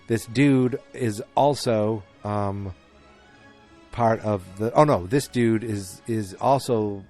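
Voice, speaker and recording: A man's voice: on the low side, slow pace, mellow, faint music behind. A man hosting a podcast, casually recapping a film in a rambling way with lots of fillers and restarts. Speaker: podcast host.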